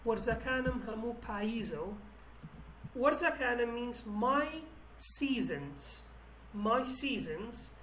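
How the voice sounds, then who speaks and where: A woman's voice: fairly high pitch, expressive, slow pace, fairly bright tone. Woman teacher with a Kurdish accent. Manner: explanatory, with many restarts and fillers. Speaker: language teacher. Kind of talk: language lesson. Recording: roomy with faint background noise.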